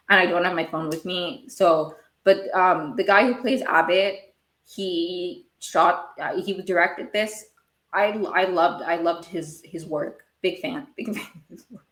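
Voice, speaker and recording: A woman's voice: fairly low pitch, a bit bright. A woman hosting a podcast, recapping a TV show in a rambling, casual way and getting worked up as she talks. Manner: rambling, gets worked up and emotional. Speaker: podcast host. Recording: echoey room.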